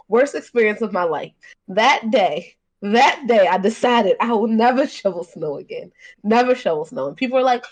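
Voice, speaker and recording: A young woman with a Baltimore accent tells a story on a casual podcast. She is animated and laughs often as she talks. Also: medium pitch, normal speed. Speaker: podcast co-host.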